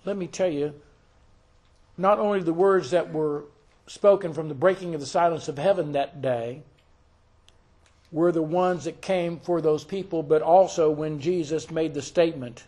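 A man preaching a sermon, slow and deliberate, quoting scripture aloud and asking the listeners questions. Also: sits high, darkish tone.

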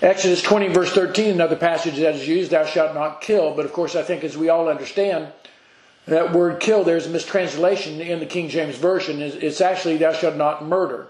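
Male preacher, higher-pitched voice, earnest and halting with frequent restarts; sermon recorded in an echoey church hall. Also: a little mellow. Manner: earnest, halting with repeated restarts, reads scripture aloud. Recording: echoey room.

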